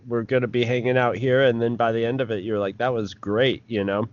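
A man's voice: mid-range voice, level tone, brisk, highs cut off. A man co-hosting a podcast, rambling in casual chat with many fillers. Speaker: podcast co-host.

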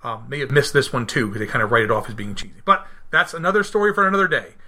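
A man in his thirties hosting a podcast in casual chat, animated, acting out quotes and often restarting his sentences. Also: medium pitch, quick pace. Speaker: podcast host.

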